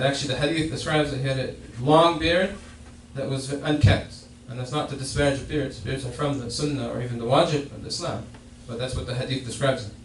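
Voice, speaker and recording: A man giving a Friday sermon in a mosque, explaining a hadith and often repeating and restarting his phrases. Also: medium pitch. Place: mosque prayer hall. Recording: echoey hall, distant mic, faint noise.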